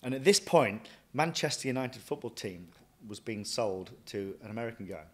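A man, a chef and restaurant owner, telling stories from his career in a lively way, often acting out what he thought and said. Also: medium pitch, moderate pace. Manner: lively anecdotal, quotes himself often. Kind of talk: casual interview storytelling.

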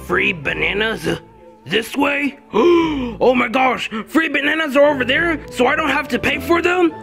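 A man's voice: very high voice, animated, unhurried, vocal fry, bright, forceful tone, faint music behind, voice pushed up, full character voice. A man voicing a greedy male gorilla who is crazy about bananas and talks eagerly, stammering, in a plush toy video.

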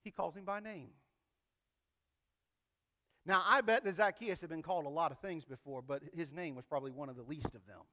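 Pastor, male, high and bright-toned, lively conversational preaching with acted-out quotes. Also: fairly quick, long pauses. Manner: animated, acts out quoted voices. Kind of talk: sermon.

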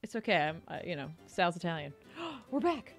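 A woman's voice: fairly low pitch, very animated, moderate pace, faint music behind. A young woman from New Jersey streaming a cooking game, giggly and chatty, thanking viewers and reading tutorial text aloud. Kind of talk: casual live-stream gaming chat.

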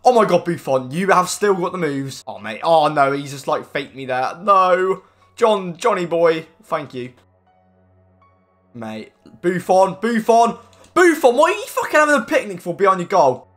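A young man commentating his own football video game matches, excitable and swearing, often yelling at the players. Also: high-pitched, normal speed, faint music behind. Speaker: gaming YouTuber. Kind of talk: live gameplay commentary.

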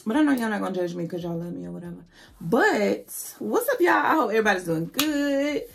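A woman's voice: medium pitch, animated, brisk, vocal fry. A woman hosting a casual wig review vlog, chatty and playful, talking straight to her viewers. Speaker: beauty vlogger.

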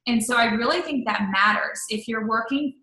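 A woman in her thirties, an interview guest telling a personal story in a chatty, animated way. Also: fairly high pitch, normal speed. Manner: chatty, animated, full of "like" and quoted asides. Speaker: network marketing leader, interview guest. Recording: echoey room.

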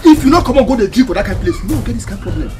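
An actor with a Nigerian accent playing a rough, bossy young gang member in a film, talking street Pidgin. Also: male voice, very high voice, very animated, rapid-fire, warm tone, faint music behind. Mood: agitated. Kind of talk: Nollywood film acting.

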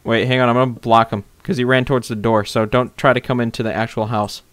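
A man hosting a casual game let's-play, excitable and goofy, jumping into squeaky joke voices. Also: fast talker, dry recording. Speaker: gaming channel host.

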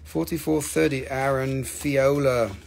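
A man's voice: mid-range voice, fairly even intonation, unhurried, vocal fry, slight background noise. A man selling rocks on a live stream, teasing viewers by name, swearing casually and joking between prices. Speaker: live-stream crystal seller.

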